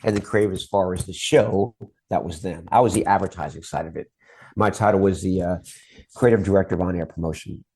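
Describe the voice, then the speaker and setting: A middle-aged man with a low, husky, darkish voice talks briskly as a guest on an interview show. In a casual chat style, he tells long anecdotes about his work in TV promos, acting out the quoted voices.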